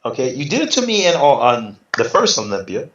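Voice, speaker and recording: A middle-aged man telling stories in a casual interview, lively and acting out what others said. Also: mid-range voice, fast talker. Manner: animated, acts out quotes in other voices. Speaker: interview guest, retired bodybuilder. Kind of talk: casual storytelling. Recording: roomy, slightly dull sound.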